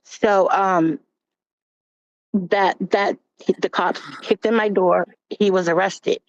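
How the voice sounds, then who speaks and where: A woman's voice: medium pitch, steady tone, slow, no room sound. A woman giving a candid, blunt personal testimony as a panel guest. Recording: dull, dry recording.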